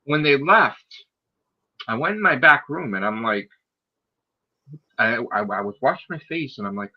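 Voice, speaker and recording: Man, husky, bright, animated profane storyteller, dull lo-fi audio. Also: mid-range voice, a little slow, pauses often. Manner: animated, profane, acts out quoted people in raised shouting voices. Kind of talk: casual storytelling.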